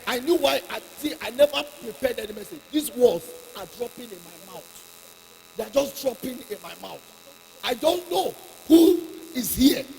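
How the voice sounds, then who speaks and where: A man's voice: very high voice, gravelly, a little hiss or hum. A man preaching a fervent sermon, repeating his lines for emphasis, recorded in a long hall reverb. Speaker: pastor.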